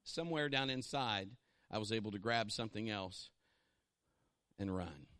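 A middle-aged man preaching an impassioned sermon, pausing to have the congregation repeat lines after him. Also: lowish voice, a bit bright, dry recording, clean studio sound. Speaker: pastor.

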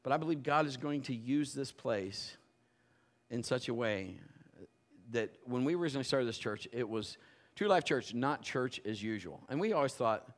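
A male pastor delivers a sermon in a conversational, storytelling style, building up to loud, emphatic bursts. His mid-range voice is expressive and moves at normal speed.

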